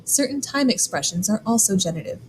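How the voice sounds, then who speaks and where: A woman explaining German grammar in a clear, deliberate lesson, slowing down to spell out examples. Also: mid-range voice, lively intonation, slight background noise, poor audio. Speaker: German teacher. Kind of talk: scripted classroom explanation.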